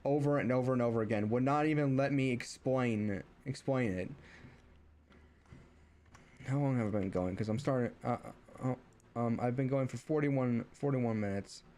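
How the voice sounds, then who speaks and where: A man's voice: mid-range voice, moderate pace, dark tone, a little hiss or hum. A young man streaming, ranting casually about family, rambling with many restarts and fillers and rising when riled. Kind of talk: casual rant while streaming.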